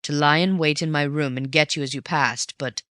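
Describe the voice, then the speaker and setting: A reader voicing a cool, mocking gentleman thief who talks low and forcefully, in an audiobook reading. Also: fairly even intonation, normal speed, dry recording, studio quality, lightly acted. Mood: wry. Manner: snarling and teasing by turns.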